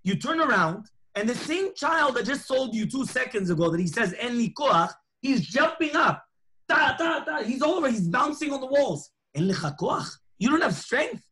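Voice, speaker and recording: Animated, husky-voiced rabbi teaching. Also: male voice, very high-pitched, moderate pace. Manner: animated storytelling, acting out dialogue. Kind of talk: lunchtime Torah class.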